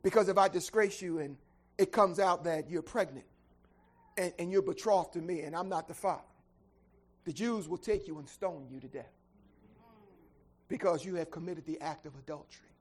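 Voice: medium pitch, darkish tone, breathy edge. Joseph, a preacher playing a heartbroken betrothed man. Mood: tender, resigned. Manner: earnest, pleading speech that turns to frantic, rapid suspicion. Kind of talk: sermon storytelling.

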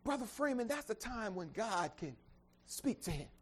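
A preacher retells a scripture story in a vivid, conversational way. The delivery swings from quiet asides to loud, high-pitched shouting. The speaker keeps calling out to the congregation to make sure they are following. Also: sing-song, moderate pace, slightly rough. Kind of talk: sermon storytelling.

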